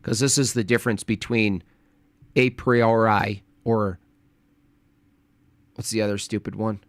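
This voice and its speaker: A man's voice: fairly low pitch, steady tone, unhurried, no room sound. A man hosting a live stream, reacting to a debate clip in casual chat with a mocking, sarcastic manner.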